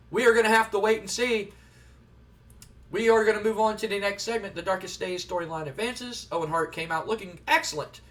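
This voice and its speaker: A man's voice: high voice, a bit bright. A man giving casual, rambling commentary on a wrestling simulation game. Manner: rambling, conversational. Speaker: let's player. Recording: distant from the mic.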